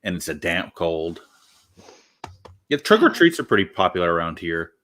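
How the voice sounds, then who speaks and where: A man co-hosting a casual chat and making relaxed joking asides. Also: sits low, moderate pace.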